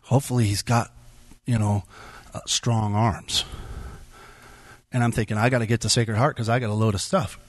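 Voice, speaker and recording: A man's voice: lowish voice, fairly even intonation, normal speed, pauses often, dry recording. Conversational middle-aged man, dry close sound. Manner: conversational, with many restarts, acts out his own inner dialogue. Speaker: speaker sharing a testimony. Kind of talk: personal faith story told to a group.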